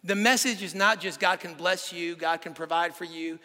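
High-voiced preacher in an echoing hall. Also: male voice, normal speed. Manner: animated storytelling with rhetorical questions. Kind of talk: sermon.

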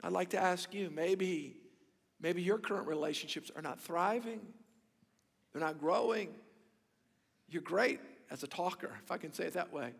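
A pastor preaches a sermon in a high voice, swinging between loud emphasis and quiet, intimate asides. His words ring out with a long reverb through the church. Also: moderate pace, creaky, long pauses, slightly rough.

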